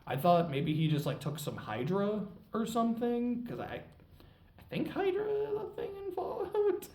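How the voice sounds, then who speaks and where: A man's voice: high voice, very animated, moderate pace, gravelly, a little mellow. A young man reviewing a show in a casual, rambling way, full of fillers, laughter and cursing. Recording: roomy echo, mic at a distance.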